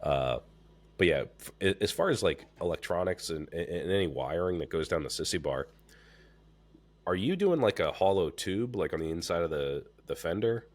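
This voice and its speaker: A man hosting a podcast in casual chat, congested and stuffed up, talking in a relaxed way with lots of fillers and swearing. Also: low voice, normal speed. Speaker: podcast host.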